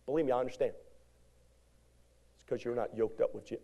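A male pastor preaching a sermon in a church, animated, moving from shouts to hushed lines and calling out to the congregation. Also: mid-range voice, a little fast, pauses often. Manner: call-and-response exhortation to congregation. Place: church sanctuary.

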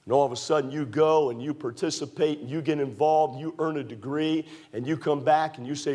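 A man delivers a fervent sermon from a church pulpit. His voice sits slightly high, and he drives his points home through repetition. His lines build in intensity until they approach shouts. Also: fairly even intonation, fairly quick, hardly any pauses. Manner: fervent, repetitive preaching cadence, rising to near shouts. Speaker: preacher. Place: church sanctuary.

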